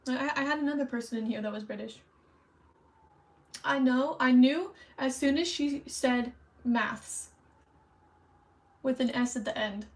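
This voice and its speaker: High-voiced chatty woman streamer. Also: unhurried, long pauses, poor audio. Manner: chatty, rambling, self-conscious. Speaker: streamer hosting trivia. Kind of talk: casual livestream chat.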